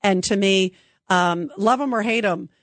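A woman's voice: mid-range voice, a little slow, dry recording. A woman hosting a call-in radio show, emphatic and indignant, effusive toward her callers. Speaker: radio talk show host.

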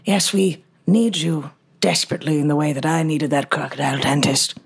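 A woman's voice: low voice, steady tone, fairly quick, vocal fry, husky. A woman playing a tabletop game, speaking boldly and sarcastically in character. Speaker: player.

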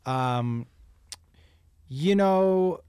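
A man's voice: on the high side, expressive, extremely slow, darkish tone, smooth, dry recording, studio quality. A man hosting a podcast, asking curious questions in a casual interview and sharing his own views. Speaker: podcast host.

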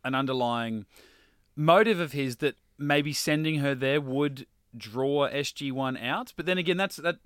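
Bright chatty podcast host. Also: male voice, mid-range voice, a little slow, smooth, dry recording, clean studio sound. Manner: chatty, reads episode blurbs aloud playfully. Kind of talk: casual podcast chat.

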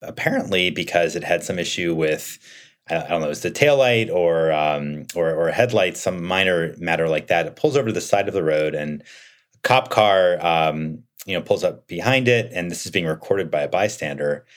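A man guest on a podcast, answering conversationally and thinking aloud, and he gets animated when retelling a story. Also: low voice, normal speed. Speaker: guest expert.

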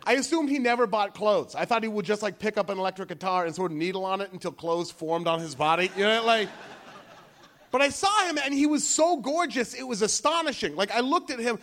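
High bright-voiced stand-up comedian. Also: male voice, animated, a little fast. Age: 30s. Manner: conversational, rising into shouted rants. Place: comedy club stage before a laughing audience.

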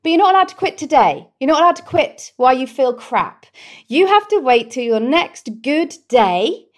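A British woman, a guest in an interview, telling her story in a heartfelt, expressive way. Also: high-pitched, moderate pace. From Britain. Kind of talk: conversational interview.

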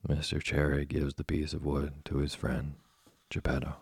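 A man reading a classic children's story aloud as a slow, soft, monotone sleep story. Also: a bass voice, creaky, husky, no echo, clean studio sound. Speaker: narrator. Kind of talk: scripted sleep story narration.

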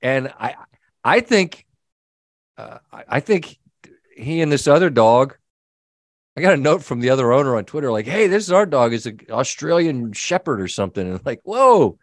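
A man co-hosting a podcast, telling a story in casual chat with many restarts and quick shifts in tone. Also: mid-range voice, big pitch swings, no room sound, studio quality. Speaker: podcast co-host.

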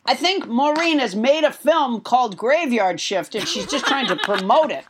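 A woman's voice: fairly high pitch, lively intonation, normal speed, background noise. A woman hosting a comedy podcast, wry and playful, often stammering as she works toward a point. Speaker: podcast host. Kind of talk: casual comedic podcast banter.

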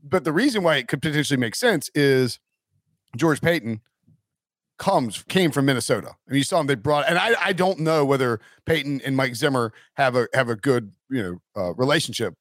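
A man's voice: mid-range voice, animated, moderate pace, fairly bright tone, no room sound, studio quality. A man hosting a casual sports talk show, rambling with many fillers and restarts. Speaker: podcast host.

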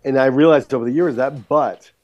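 A man in his fifties, a high school football coach, talking in an upbeat, encouraging way as a podcast guest. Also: a little fast, dull audio. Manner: upbeat, encouraging, easy agreement. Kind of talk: casual podcast interview.

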